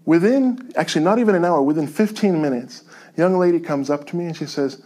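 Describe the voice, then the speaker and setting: A man telling a faith story to a church, lively and chuckling as he goes. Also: a little high, fast talker. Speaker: guest speaker sharing a testimony.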